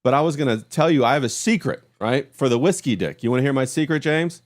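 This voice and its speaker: A man's voice: mid-range voice, expressive, fast talker. An American man hosting a podcast with brash, crude casual banter. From United States. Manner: brash, says "bro" and "you know" a lot. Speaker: podcast host.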